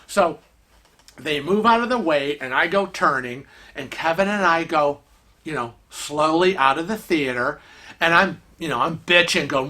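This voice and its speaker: A man's voice: on the high side, normal speed, sharp tone. A man vlogging, telling a travel story in a casual, exasperated way and acting out the voices of people he quotes.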